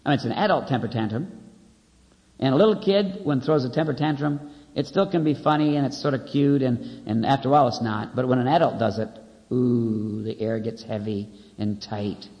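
Wry conversational preacher in an echoing hall. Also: male voice, medium pitch, normal speed. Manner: conversational, wry, repeats key phrases. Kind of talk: sermon. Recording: dull lo-fi audio with long hall reverb.

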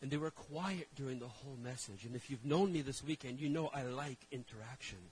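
A man preaching as a pastor, telling a story with animated shifts from hushed asides to loud outbursts. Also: mid-range voice, brisk, slightly rough, poor audio. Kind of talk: sermon storytelling.

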